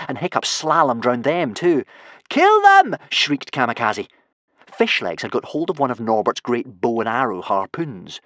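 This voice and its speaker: A man reading a children's adventure audiobook with expressive storytelling. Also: medium pitch, no room sound, clean studio sound. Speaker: audiobook narrator. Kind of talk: scripted narration.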